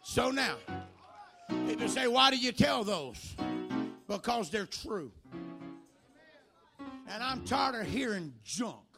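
A man preaching at a church service, telling stories with animation and building to shouted preaching. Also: extremely high pitch, big pitch swings, slow pace, creaky, pauses often. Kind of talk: sermon with storytelling. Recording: music under the preaching. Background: church music.

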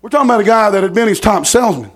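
Man, very high voice, folksy sermon storytelling, repeats words. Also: lively intonation, very fast. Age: middle-aged. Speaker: preacher.

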